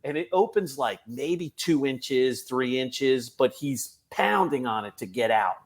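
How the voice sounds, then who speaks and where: A man with an ordinary mid-range voice tells a funny work story on a podcast. He is animated and laughs through his own telling. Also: medium pitch, measured pace. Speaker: police officer guest.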